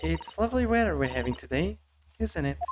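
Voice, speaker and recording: A man's voice: fairly high pitch, animated, fairly quick, background noise, natural voice. A man voicing a polite young Japanese woman who works as a judicial assistant, speaking formally and courteously.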